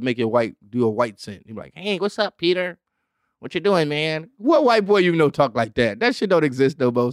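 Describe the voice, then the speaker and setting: A man hosting a podcast in casual, animated comedic chat, laughing often and slipping into exaggerated voices when he quotes people. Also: medium pitch, no room sound, studio quality. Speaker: podcast host.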